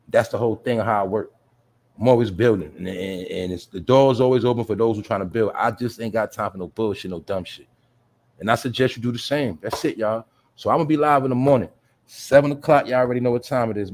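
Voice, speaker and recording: A man hosts his livestream in a slightly low voice, speaking loose street slang peppered with profanity. He preaches to his listeners, hammering his points home by repeating them and checking in with "you feel me.". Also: darkish tone. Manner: profanity-laced. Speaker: livestream show host. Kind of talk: casual livestream monologue.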